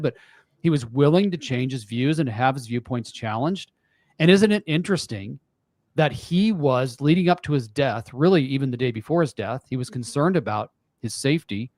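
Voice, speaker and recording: A man's voice: medium pitch, a little mellow, no room sound. A man in his forties, a podcast guest in casual chat, talking earnestly and emphatically and repeating himself.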